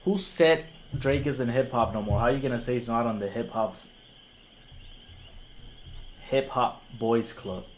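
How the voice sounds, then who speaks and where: A young man whose first language is Spanish reviews music on a live stream, arguing with a critic in casual slang, incredulous and argumentative. His mid-range voice is a little slow with frequent pauses, over a little hiss or hum.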